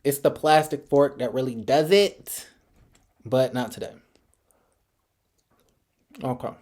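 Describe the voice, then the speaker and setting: A man's voice: mid-range voice, slow pace, a little mellow. A man hosting a casual mukbang vlog, talking bluntly in slang while he eats. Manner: chatty, blunt and slangy, talks while eating. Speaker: vlog host.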